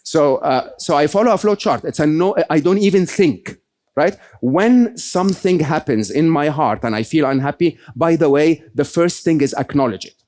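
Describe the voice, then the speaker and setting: A man giving a motivational stage talk to a live audience, animated and often checking in with "okay?" and "right?". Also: a little high, moderate pace. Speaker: guest speaker.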